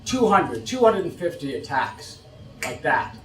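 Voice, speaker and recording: Man from the United States, middle-aged, lecturing, animated rhetorical questions, slightly higher voice, echoey room. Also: unhurried, distant mic, slight background noise. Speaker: policy expert giving a talk. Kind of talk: lecture to an audience.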